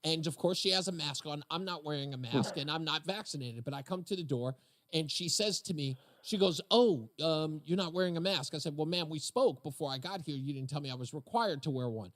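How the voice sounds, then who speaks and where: A man's voice: on the high side, brisk, a bit bright, no room sound. A man hosting a call-in radio talk show, chatting casually and telling stories with frequent laughs. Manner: chatty storyteller, laughs often.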